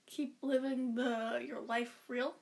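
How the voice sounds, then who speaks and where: A woman's voice: a little high, steady tone, slow pace, gravelly. A woman co-hosting a casual podcast with her siblings, chatting in a teasing way. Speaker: co-host sister. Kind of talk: casual chat.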